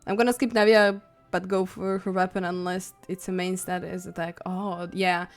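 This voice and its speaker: A woman live streaming a video game, chatting casually with her viewers, giggly and prone to excited squeals. English is not her first language. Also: lowish voice, moderate pace. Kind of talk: casual gaming stream chat. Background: faint game music.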